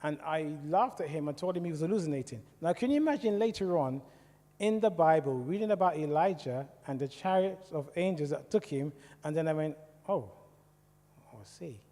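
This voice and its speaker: This church speaker from the West Indies talks through his testimony conversationally, frequently questioning the congregation. His fairly high voice moves with lively intonation, fairly quick and dark-toned, echoing through a church hall's long reverb.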